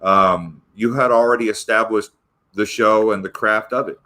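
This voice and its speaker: A man's voice: lowish voice, steady tone, moderate pace, bright, forceful tone. A man interviewing a guest, asking long, winding questions in a conversational tone.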